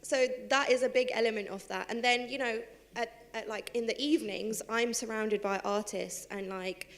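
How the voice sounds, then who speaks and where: A young woman who is a guest on a live panel, talking quickly and casually about her life, with plenty of fillers and laughing at herself. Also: a little high, fairly even intonation. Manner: fast, chatty, lots of fillers, laughs at herself. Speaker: panel guest, civil servant and henna artist. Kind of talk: live panel talk, personal storytelling. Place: theatre stage.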